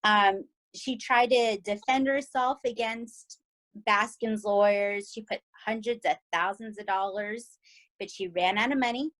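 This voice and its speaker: A woman with a Southern US accent, co-hosting a podcast and recapping a TV series in animated, emphatic casual chat. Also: medium pitch, measured pace, poor audio. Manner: animated and emphatic, often asking "right?". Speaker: podcast co-host.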